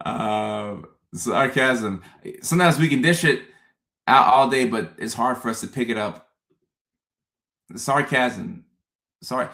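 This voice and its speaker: Guy on a livestream talking to chat, animated, stumbles and repeats words a lot. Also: medium pitch, slow pace, pauses often. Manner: animated, repeats words, acts out his own confused thoughts. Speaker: host. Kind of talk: casual livestream talk to viewers.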